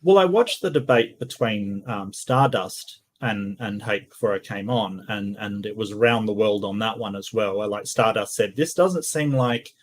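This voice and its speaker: A man's voice: on the low side, moderate pace, hardly any pauses. A man with an Australian accent, chatting casually and teasingly as a panelist on an online discussion.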